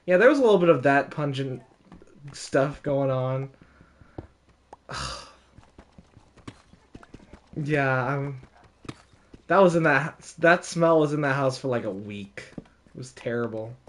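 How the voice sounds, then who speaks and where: A young man casually telling a story, animated, with frequent laughs and lots of fillers. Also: mid-range voice, slow pace, pauses often.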